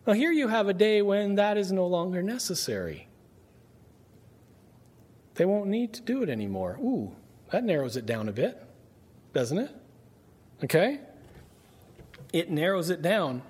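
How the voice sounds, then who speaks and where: A man preaching a Bible-study sermon in a conversational way, asking his listeners rhetorical questions and slowing down to read scripture aloud. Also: high voice, very animated, a little mellow, breathy edge.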